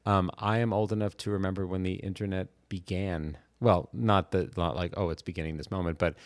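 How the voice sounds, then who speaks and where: Deep gravelly man, rambling. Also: steady tone, fairly quick, dry recording. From Boston. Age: 50s. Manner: rambling, self-deprecating, many restarts. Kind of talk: casual chat.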